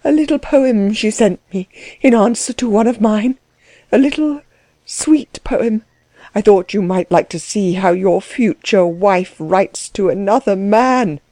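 A woman voicing an excitable, bitter young man close to tears, reading an audiobook with shrill, agitated outbursts. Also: a little slow, no room sound, natural voice. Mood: taunting.

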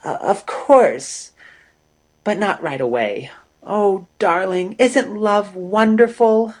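A man voicing a dreamy young actress who speaks softly and drowsily. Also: a little high, lively intonation, slow pace, full character voice. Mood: gushing. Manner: soft, drowsy, breathy delivery.

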